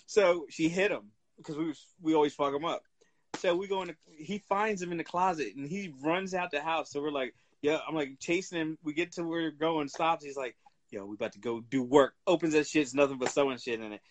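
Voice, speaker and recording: His voice is fairly high and brisk, with slight background noise present. Co-hosting a wrestling podcast, he chats casually, cursing freely and laughing as he tells animated stories.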